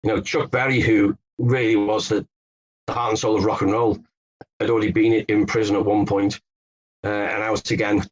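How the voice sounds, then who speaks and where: Husky-voiced man, muffled audio. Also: lowish voice, flat delivery, moderate pace. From England. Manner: storytelling, explanatory, with fillers and restarts. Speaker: author and Beatles expert guest. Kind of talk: podcast interview answers.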